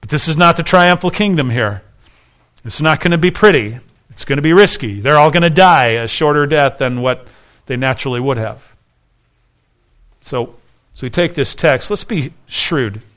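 A man's voice: a little high, a bit bright. Earnest conversational male preacher. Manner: earnest, conversational, with frequent restarts. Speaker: pastor. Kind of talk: sermon.

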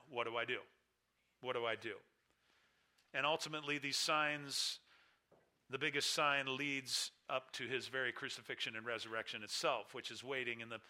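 A man's voice: a little high, sharp tone. A man preaching a sermon, teaching through a scripture passage with an emphatic, repetitive cadence. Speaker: pastor.

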